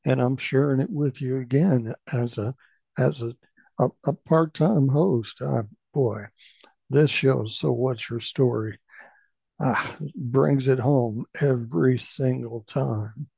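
A middle-aged man hosts part-time and tells a funny personal story with playful, acted-out voices. His pitch sits in the middle for a man, and the sound is dry with no room around it. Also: slow pace, creaky, mellow, husky, dry recording.

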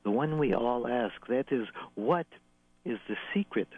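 Guy doing a reverent young student, slow and earnest, tinny phone. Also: medium pitch, lively intonation, slightly rough, no room sound.

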